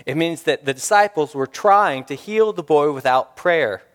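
A man's voice: on the high side, expressive, moderate pace. A man preaching a sermon, earnest and searching, asking the congregation questions and repeating key lines for emphasis. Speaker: pastor. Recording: long hall reverb.

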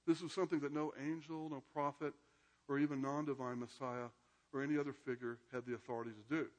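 A man's voice: mid-range voice, level tone, fast. Man lecturing, "right?" check-ins. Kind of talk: informal lecture with scripture reading.

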